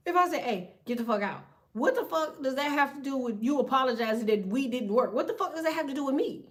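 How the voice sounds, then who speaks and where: A woman's voice: high-pitched, a little fast, recorded from a distance. A woman in her thirties from the United States, ranting bluntly and profanely to viewers as a tarot vlogger. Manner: blunt, profane, animated storytelling. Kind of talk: profane casual rant to viewers.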